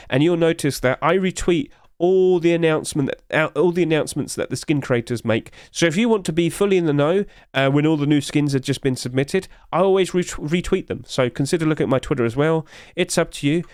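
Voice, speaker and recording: A man hosting a casual game skin review video, talking in a hurried, rapid-fire way and out of breath. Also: on the high side, a little mellow, smooth, no room sound, studio quality. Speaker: YouTube host.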